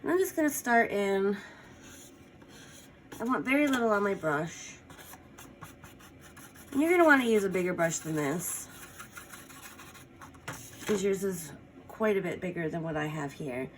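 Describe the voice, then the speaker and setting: A woman's voice: medium pitch, animated, a little slow, pauses often. A woman giving a casual painting tutorial, chatting along as she works and adding small apologetic asides. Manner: chatty, talks while working, apologetic asides. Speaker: painting instructor.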